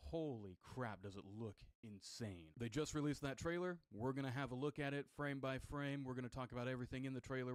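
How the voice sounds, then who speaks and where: A man giving an excited trailer breakdown as a video game commentator. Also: mid-range voice, dry recording. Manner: excited, enthusiastic.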